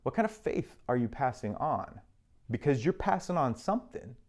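A man preaching a sermon in a relaxed, conversational teaching style, adding dry little jokes. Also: medium pitch, normal speed. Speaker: pastor. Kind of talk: sermon on parenting and faith.

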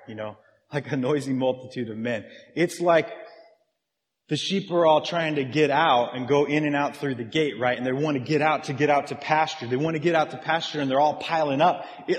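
A male pastor with a somewhat high voice preaches a sermon and speaks straight to the congregation in an easy, chatty way. His voice carries a long reverb from a big church hall. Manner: conversational preaching that engages the congregation.

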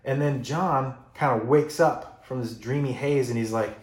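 A male pastor preaching a sermon, telling a story with lively emphasis and going quiet for the solemn parts. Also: mid-range voice, normal speed, few pauses, echoey room. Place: church.

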